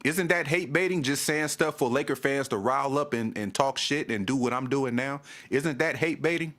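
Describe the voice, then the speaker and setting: A man's voice: medium pitch, moderate pace, a bit bright. A man vlogging a fan rant, exasperated, repeating himself and stammering as he restarts. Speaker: sports vlogger. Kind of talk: ranting fan commentary to camera.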